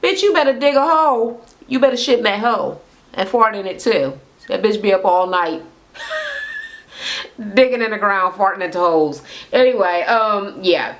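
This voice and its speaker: Young woman ranting about a reality show, cussing and throwing shade, medium pitch, talking into her camera at home. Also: normal speed. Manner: sassy, profane, mocking impressions. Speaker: reality TV recap vlogger. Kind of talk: casual recap rant. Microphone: camera mic.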